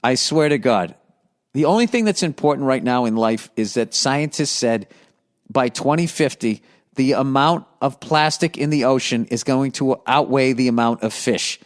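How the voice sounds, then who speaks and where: A man's voice: medium pitch, normal speed. A man hosting a comedy podcast, ranting in a profane, exasperated way as he reads listener mail. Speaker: podcast host.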